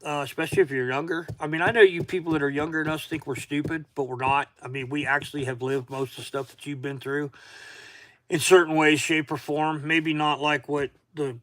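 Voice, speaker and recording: A middle-aged man with a Southern accent, sounding tired and a touch high-voiced, rambling through a casual livestream from his garage workshop. He drifts from topic to topic and stops to greet viewers by name. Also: fairly even intonation, brisk, fairly bright tone. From Florida. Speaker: outdoor livestream host.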